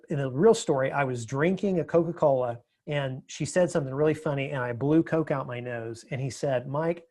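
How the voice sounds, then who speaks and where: A man with a voice of ordinary middle pitch, talking as a guest in a podcast interview. He speaks in a reflective, measured way and often restarts his sentences as he thinks aloud. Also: darkish tone. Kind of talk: casual interview conversation.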